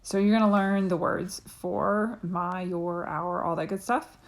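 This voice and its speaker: A woman's voice: on the low side, fairly even intonation, a little slow. A woman, a Spanish teacher, patiently explaining a lesson with frequent ums. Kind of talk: recorded classroom lesson.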